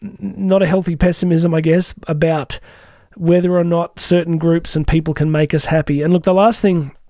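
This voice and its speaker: A man talks through a motivational podcast in a loose, conversational way. His voice sits a little high but sounds warm and mellow. The sound is dry and close to the mic. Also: moderate pace, dry recording. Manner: casual, animated, self-deprecating asides. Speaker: podcast host.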